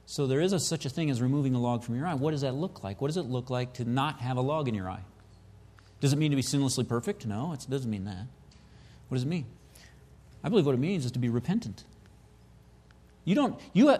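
A man's voice: medium pitch, darkish tone, in a large hall. A male pastor preaching, asking questions and thinking aloud with repeats. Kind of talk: sermon.

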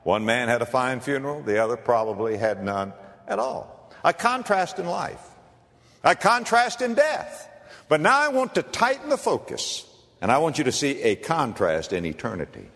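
A man preaching a sermon as pastor, dramatic, swinging between ringing emphasis and hushed tones. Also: medium pitch, sing-song, normal speed, creaky. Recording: reverberant hall.

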